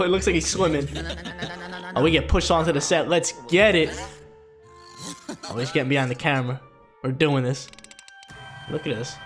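A man with a high voice narrates his gameplay in an excitable, playful way. His pitch swings up and down as he talks. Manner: excitable, playful hype talk. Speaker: gaming commentator. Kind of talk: let's play commentary.

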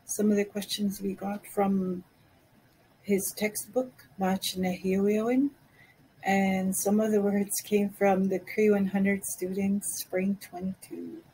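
A woman giving a language lesson, saying each phrase slowly and repeating it for learners. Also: mid-range voice, mellow, a little hiss or hum, poor audio. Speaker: Cree language teacher.

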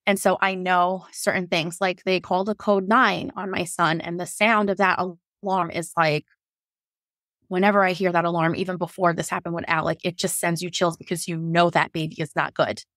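A woman's voice: flat delivery, normal speed, fairly bright tone, no echo, clean studio sound. A woman in her thirties, a nurse, telling her own birth story as a podcast guest, candid and emotional, acting out what she said back then. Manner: emotional, acts out her own quoted lines with rising pitch.

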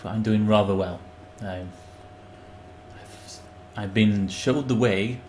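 Slow-talking man streaming a game. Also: on the low side, a little mellow, a little hiss or hum. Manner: chatty, rambling, reads game text aloud. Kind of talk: casual gameplay commentary.

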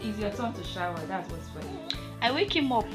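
A young mother with a Nigerian accent talks casually to her camera at home. Her voice is husky and a little hoarse, and she keeps breaking off to guide her small son. Music plays steadily behind her. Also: medium pitch, big pitch swings, brisk. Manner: chatty, breaks off to coax and instruct her toddler. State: hoarse after a sore throat. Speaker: family vlogger and mother. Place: at home indoors. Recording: background music under the voice.

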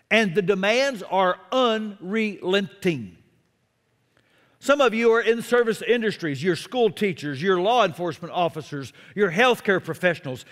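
A middle-aged man preaching a sermon as pastor, expressive, with self-deprecating humor. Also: sits high, long reverb tail.

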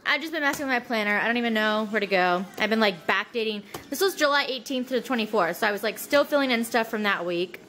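A woman's voice: animated, quick pace, few pauses, bright, forceful tone. A woman who is sick, chatting casually at home in a rambling vlog style full of fillers. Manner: turns high and singsong when talking to her toddler. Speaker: vlogger.

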